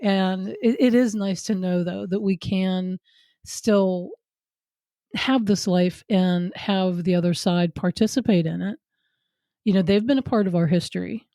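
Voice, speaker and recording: A woman podcast host speaking in a calm, reflective conversational way. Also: mid-range voice, unhurried, no echo, clean studio sound.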